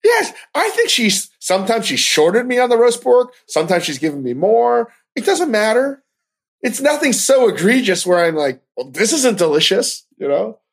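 Ranting, foul-mouthed man with lively pitch. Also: moderate pace, husky. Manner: ranting, swears constantly, animated outbursts. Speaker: podcast host. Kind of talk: profane casual commentary.

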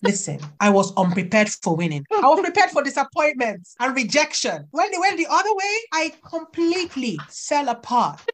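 A woman author in her thirties tells a story on a podcast. Her voice sits fairly high, and she laughs often. She acts out each voice in the story with lots of energy. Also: sing-song, normal speed, hardly any pauses. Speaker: author guest.

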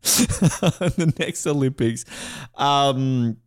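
A man co-hosting a podcast, talking in casual banter that is animated and rambling, with lots of laughing and swearing. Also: medium pitch, drawn-out words, clean tone. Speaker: podcast co-host. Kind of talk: casual banter ranking mascots.

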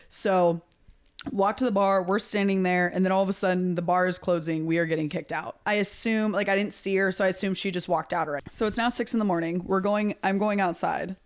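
A woman with a medium-pitched voice recounts a chaotic night abroad in a relaxed, conversational way. She is animated and quick, often breaking into laughter. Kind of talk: casual storytelling chat.

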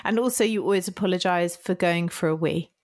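A British woman co-hosting a podcast in casual chat, animated and playful, laughing easily as she teases her co-host. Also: lowish voice, brisk.

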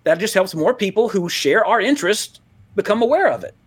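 With a husky, high-pitched voice that is animated and a little fast, a man from Louisiana co-hosts a podcast. He chats loosely, veers into tangents, laughs often and frequently begins his sentences again.

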